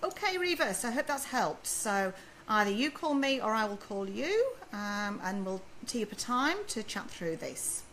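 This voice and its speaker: A baby sleep consultant answers viewers' questions on a live video stream, reading them aloud and advising in a chatty, reassuring way. Her medium-pitched, fairly bright voice swings widely in pitch at a normal speed. The recording is rough, with a little hiss or hum.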